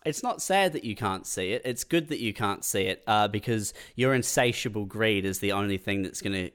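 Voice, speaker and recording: A man's voice: fairly low pitch, lively intonation, a little fast, fairly bright tone. A man co-hosting a podcast, teasing his friend and pressing him with follow-up questions. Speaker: podcast co-host. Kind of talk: casual chat.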